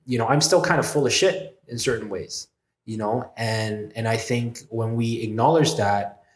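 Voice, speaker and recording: A man's voice: mid-range voice, moderate pace. A man, a podcast guest, telling a candid personal story in a reflective way, swearing freely and acting out his own inner voices. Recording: roomy echo.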